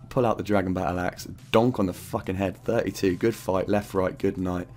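A man's voice: low voice, steady tone, brisk, a little mellow. A man narrating his own game footage in loose, rambling commentary, swearing often and dropping in fillers. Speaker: gaming YouTuber narrating his own gameplay. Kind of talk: casual gameplay commentary.

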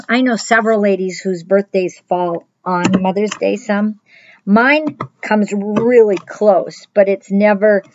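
A middle-aged woman, a children's pastor, giving a chatty crafts lesson and speaking straight to the children in a gentle way. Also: mid-range voice, muffled recording.

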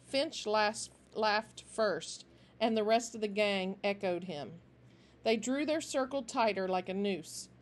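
A woman reading a children's novel aloud in a steady, expressive way. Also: mid-range voice, slow pace. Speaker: storybook reader.

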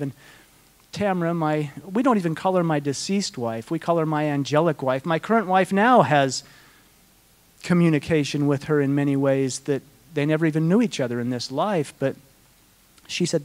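Earnest man telling a heartfelt story. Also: a little high. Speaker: conference speaker. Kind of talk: conference Q&A answer.

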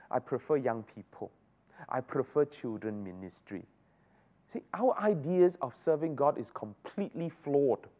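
A man teaching a Bible study, often asking the group rhetorical questions. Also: fairly high pitch. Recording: dull lo-fi recording.

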